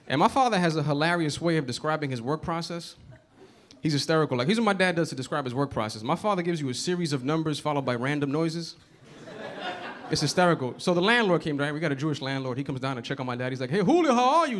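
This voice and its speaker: In a noisy club full of audience laughter, a Bronx, New York comedian chats his way through a stand-up set, constantly asking "you know what I mean." He talks fast in a slightly high, somewhat bright voice.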